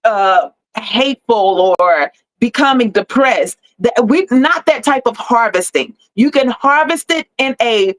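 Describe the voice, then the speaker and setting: Higher-pitched woman giving a motivational talk. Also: lively intonation, unhurried, few pauses, fairly bright tone. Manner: preachy, repeats key lines for emphasis; faith-forward encouragement. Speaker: host and life coach.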